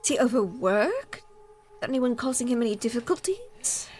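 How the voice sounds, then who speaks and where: Lady player in a tabletop game, kinda high voice, playful, some music behind. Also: very animated, moderate pace, darkish tone. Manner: playful, speaks partly in character as a rich mother. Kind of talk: tabletop role-play.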